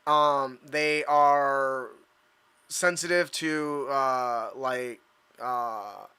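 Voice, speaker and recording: A man narrating as game master of a tabletop game, casual and halting, with many pauses and fillers. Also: medium pitch, bright, forceful tone, clear, resonant tone.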